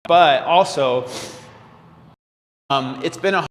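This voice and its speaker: Earnest man talking halting in a roomy space. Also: fairly high pitch. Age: around 40. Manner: halting and earnest, many fillers and restarts. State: holding back tears. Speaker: fitness vlogger. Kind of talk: casual livestream talk to viewers.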